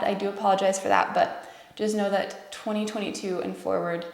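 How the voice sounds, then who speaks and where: A woman teaching a yoga class, guiding breaths and poses in a calm, soft-spoken way, her voice a little worn. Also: mid-range voice, brisk, gravelly, echoey room. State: losing her voice. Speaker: yoga instructor. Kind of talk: guided yoga class cues. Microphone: clip-on mic.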